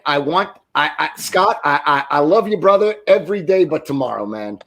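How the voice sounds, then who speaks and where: A man's voice: sits high, expressive, normal speed, few pauses, fairly bright tone. A man on a casual sports talk show, ranting with lots of swearing and stammered restarts, sounding exasperated.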